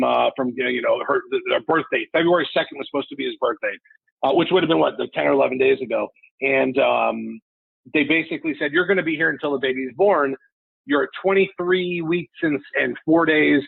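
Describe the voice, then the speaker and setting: A man's voice: fairly high pitch, vocal fry, breathy edge, dry recording. A man turning forty, a sports radio host telling a personal story on a podcast in a candid, emotional way, heard over a remote call. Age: 40s. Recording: phone-like, lo-fi call audio.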